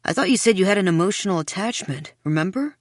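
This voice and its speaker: A woman's voice: mid-range voice, animated, quick pace, dry recording, clean studio sound, natural voice. Woman voicing an uneasy murmuring man. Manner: murmuring, trailing off.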